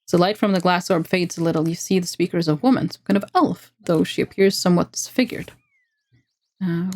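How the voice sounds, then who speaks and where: A woman streamer reading a text adventure game aloud, with playful asides and brisk narration. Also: lowish voice, darkish tone.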